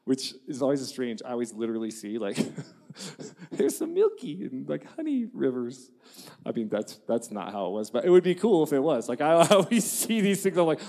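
A man preaching a sermon in an animated, joking way, acting out quotes and laughing at his own jokes. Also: mid-range voice, moderate pace. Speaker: pastor. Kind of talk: lively sermon. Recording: long reverb of a large hall.

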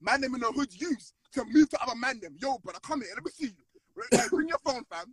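A man's voice: very high-pitched, animated, brisk, a crowd in the background. A young man ranting in a heated, worked-up way as a guest on a live stream, swearing and repeating himself.

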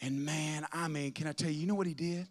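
A man's voice: fairly high pitch, fairly even intonation, quick pace. A man preaching a sermon, telling folksy stories that rise into fervent preaching.

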